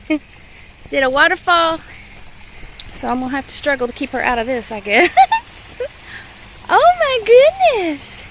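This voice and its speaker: A woman's voice: high-pitched, expressive, moderate pace, pauses often. A woman narrates a handheld vlog in an outdoor garden. She chats, laughs often and coos sing-song at a toddler. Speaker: parent or caregiver filming a walk. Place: outdoor garden on a windy day. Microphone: handheld camera mic. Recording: wind noise on an outdoor camera mic.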